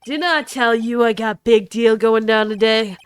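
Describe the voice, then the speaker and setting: A woman doing a gruff mobster with a put-on Brooklyn accent. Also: fairly high pitch, unhurried, close to an everyday voice. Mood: tough. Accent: put-on Brooklyn, drifting southern. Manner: tough-guy slang, blustering. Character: gruff male mobster lobster, bullying and defiant. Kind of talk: voicing game text in a playthrough.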